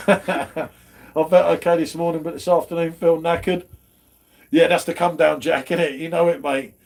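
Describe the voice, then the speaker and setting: A man's voice: a little high, steady tone, normal speed, gravelly, darkish tone. A man hosting a casual beer chat stream, slangy and chatty. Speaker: host of a beer review stream.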